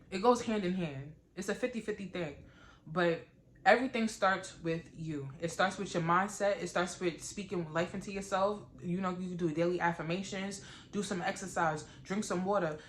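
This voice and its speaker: A woman, chatting to camera in a blunt, profane, animated way and often asking "you get what I'm saying?". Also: medium pitch, slight background noise. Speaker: vlogger. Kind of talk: casual chat to camera.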